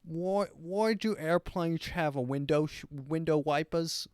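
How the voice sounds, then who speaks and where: A man putting on a clueless British man with a put-on London accent, drawling slowly in a raised voice. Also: on the high side, darkish tone, smooth, dry recording, studio quality, voice pushed up, lightly acted. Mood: baffled. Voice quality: raised, slow, drawling delivery. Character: dim-witted British man, cheeky and clueless.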